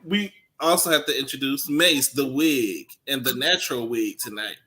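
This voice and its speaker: A man hosting a casual chat panel, easygoing and quick to laugh. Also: mid-range voice, sharp tone, slight background noise. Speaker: host.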